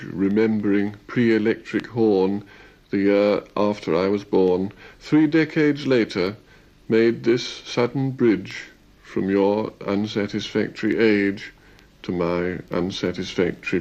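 A man giving a slow, measured poetry reading in an old archive recording. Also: on the low side, fairly even intonation, darkish tone, highs cut off. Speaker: poet.

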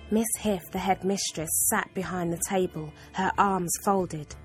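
A woman reading a storybook aloud in first person, expressive and measured. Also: fairly low pitch, faint music behind. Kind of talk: storybook narration.

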